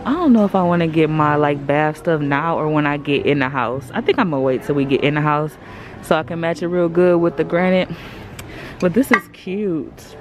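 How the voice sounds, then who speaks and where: A young woman, chatting in a casual storytime vlog from her car and a store, animated and playful as she acts out the people in her stories. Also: sits low, moderate pace, soft background music. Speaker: vlogger.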